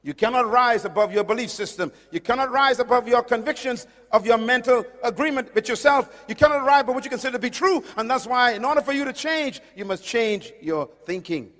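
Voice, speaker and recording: A man preaching a sermon, emphatic, swinging from loud declarations to hushed lines. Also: very high-pitched, a little fast, few pauses. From Caribbean island. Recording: long hall reverb.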